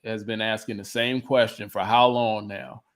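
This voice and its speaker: A man's voice: on the low side, little pitch movement, normal speed. A man co-hosting a podcast, ranting in a profane, heated way in casual chat. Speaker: podcast co-host.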